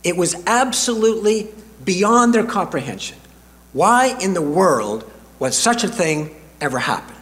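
An older man preaching a sermon as a pastor, slow and deliberate with dramatic pauses, speaking in a church sanctuary. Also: sits high, sing-song, a bit bright. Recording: reverberant hall.

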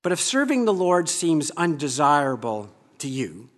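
A man preaching a sermon, reading scripture aloud and leading the congregation in spoken responses, rising loud on key phrases. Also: a little high, sing-song, normal speed, hardly any pauses. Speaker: pastor. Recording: reverberant church hall.

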